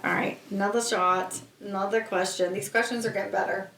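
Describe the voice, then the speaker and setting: A woman from New Jersey hosting a podcast in casual chat, sassy and quick, laughing often and a little tipsy from tequila shots. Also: medium pitch, fairly even intonation, a bit bright. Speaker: podcast host.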